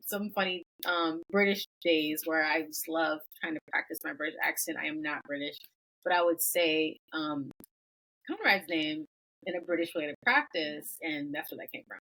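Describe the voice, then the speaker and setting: A woman's voice: deep voice, normal speed, bright, forceful tone, rough recording. A woman hosting a podcast, bubbly and enthusiastic in casual chat. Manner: bubbly, enthusiastic, uses fillers. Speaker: podcast host.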